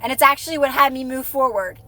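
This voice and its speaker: A woman's voice: high-pitched, fast, bright, forceful tone. A woman hosting a live stream, chatting casually and encouragingly with her viewers, rambling and restarting her sentences.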